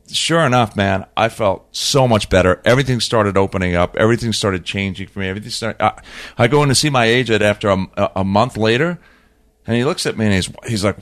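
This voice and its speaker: A man on a podcast, talking casually as an animated storyteller who often repeats and restarts his words. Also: lowish voice, a little fast. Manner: animated storyteller who acts out quoted dialogue. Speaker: podcast guest. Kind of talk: casual conversation.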